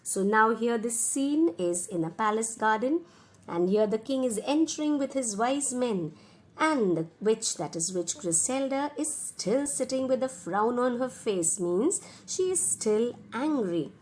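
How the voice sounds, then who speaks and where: A patient Indian English woman teaching a school story, reading each line and then calmly retelling it in plain words. Her voice sits a touch high and she takes her time. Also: a little slow, slight background noise. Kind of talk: slow classroom explanation of a story.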